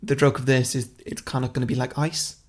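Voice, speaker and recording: A man co-hosting a podcast, casually pitching a silly plot in a long, rambling way and chuckling at his own ideas. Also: little pitch movement, a little fast, a little mellow. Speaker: podcast co-host.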